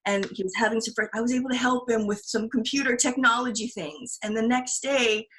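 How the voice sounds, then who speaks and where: A woman's voice: on the high side, steady tone, brisk, fairly bright tone, a little hiss or hum, rough recording. A woman hosting a podcast, talking in an earnest, reflective way that is full of restarts. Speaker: podcast host. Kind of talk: casual podcast conversation.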